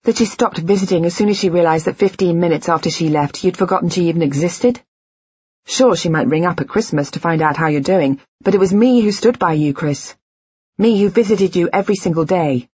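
A woman's voice: on the low side, brisk, a little mellow, breathy edge, dry recording, lo-fi sound. A woman reading the lines of a desperate middle-aged husband, pleading through tears in an audiobook. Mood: intense, insistent. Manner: pleading, emotional.

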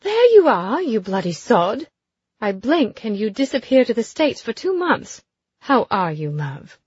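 Woman doing a brash posh lady, loud and high. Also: very animated, a little slow, husky, muffled recording, full character voice. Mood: cheeky. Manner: loud, cheeky and bawdy. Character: brash posh older woman, teasing and blunt.

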